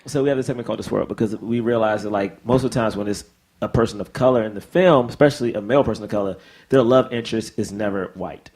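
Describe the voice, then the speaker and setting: A man co-hosting a podcast in casual chat, retelling movie scenes with lively, acted-out voices. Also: lowish voice, fast talker. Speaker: podcast co-host.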